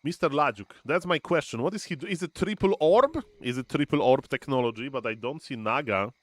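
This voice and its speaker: Speaking briskly in a mid-range voice, a young man casts a strategy game on a live stream. He's playful and chatty, calling out exclamations and reading viewers' messages aloud.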